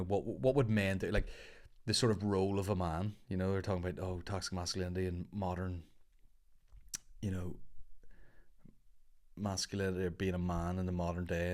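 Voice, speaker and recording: Man, comedian, casual podcast chat, sweary, slightly low pitch. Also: little pitch movement, fairly quick, a little mellow. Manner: rambling, sweary, laid-back.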